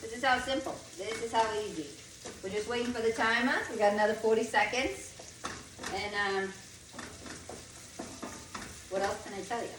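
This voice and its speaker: A woman's voice: a little high, moderate pace, long pauses. A middle-aged woman chatting enthusiastically as she cooks dinner at home, repeating words for emphasis. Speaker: home cook vlogger. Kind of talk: casual cooking vlog. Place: home kitchen. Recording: echoey kitchen, distant mic, noisy. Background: frying and sizzling.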